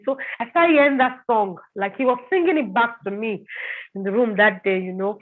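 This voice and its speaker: A higher-pitched woman gives an emotional personal testimony, halting and repeating herself as feeling rises. Her voice comes through thin and phone-like. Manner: halting, repeats words when upset. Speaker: interview guest. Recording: tinny phone-like line.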